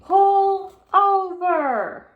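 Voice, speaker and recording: A woman playing a loud, pompous male cop. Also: mid-range voice, big pitch swings, a little fast, narrow, tinny audio, lightly acted. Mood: shouting. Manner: formal, loud, officious. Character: pompous, by-the-book male police officer. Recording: roomy echo.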